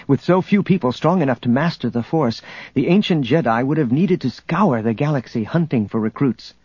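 A man narrating an adventure audiobook in a steady, measured storytelling manner, on a dull lo-fi recording. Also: medium pitch, husky, dry recording. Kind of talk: scripted narration.

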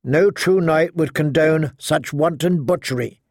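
A man's voice: on the high side, a little slow, no echo, studio quality. A man reading Brienne, a stern earnest woman knight.

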